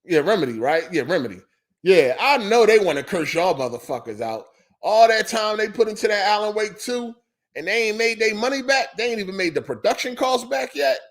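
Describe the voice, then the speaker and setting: A man's voice: high voice, expressive, a little fast, fairly bright tone. A man hosting a gaming podcast livestream, talking on a headset in a loose, profane rant and repeating his points. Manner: profane, ranting, repeats himself. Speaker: podcast host. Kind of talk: casual livestream chat.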